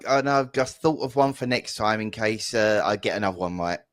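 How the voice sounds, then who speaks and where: A man's voice: lowish voice, fairly quick, a bit bright, no room sound, clean studio sound. A man co-hosting a casual gaming chat, hesitant and self-deprecating, with lots of restarts. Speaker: guest host.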